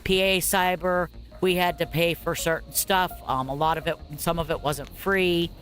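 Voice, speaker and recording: A woman's voice: lowish voice, steady tone, moderate pace, a bit bright. Rambling, candid middle-aged mother telling a story. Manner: rambling, candid, frequent fillers and 'blah, blah, blah'. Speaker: parent telling her story. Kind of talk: casual spoken story over gameplay.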